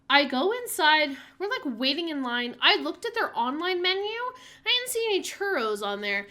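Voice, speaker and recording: Bright, high-voiced chatty woman streamer. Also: normal speed. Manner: chatty, animated storytelling with many fillers. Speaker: mother. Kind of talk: casual gameplay stream chat.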